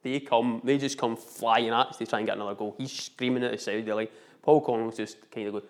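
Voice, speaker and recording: A middle-aged man with a Scottish accent telling a story in casual chat, animated and laughing often. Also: medium pitch, brisk.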